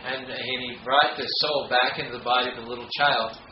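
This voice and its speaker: A man's voice: medium pitch, steady tone, a little fast. A man giving a spiritual talk, reading quotes emphatically and telling a parable with hesitant fillers, in a roomy, dull recording with noise behind. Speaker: spiritual speaker. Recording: roomy, dull, noisy ambience.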